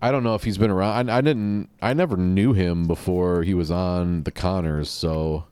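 A man's voice: low voice, fairly even intonation, moderate pace, a little mellow, smooth, no echo. A man hosting a solo podcast, talking in a rambling, offhand and profane way. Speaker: podcast host. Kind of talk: casual solo podcast chat.

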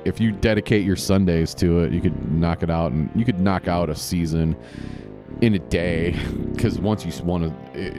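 Man, low voice, rambling casual podcast host, restarts sentences, faint guitar music behind. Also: dark tone. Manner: rambling, self-correcting, casual swearing. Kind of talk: casual solo podcast recap.

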